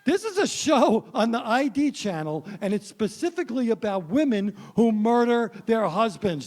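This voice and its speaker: Stand-up comic, male, 60s, high-pitched, wry punchy delivery, works the room. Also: expressive, moderate pace, few pauses, darkish tone. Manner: punchy, wry, addresses the crowd. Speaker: stand-up comedian. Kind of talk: stand-up comedy set. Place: stage before a live audience.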